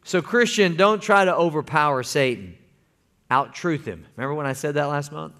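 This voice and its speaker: A man's voice: on the high side, lively intonation, moderate pace, sharp tone. A man preaching a sermon as pastor, folksy and calling on the congregation to answer back. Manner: folksy, calls for congregation responses.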